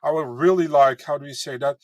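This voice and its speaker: A man's voice: on the high side, a little fast, darkish tone, dry recording. Hesitant podcast co-host man. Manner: hesitant, filler-heavy, searching for words. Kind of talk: casual sports betting chat.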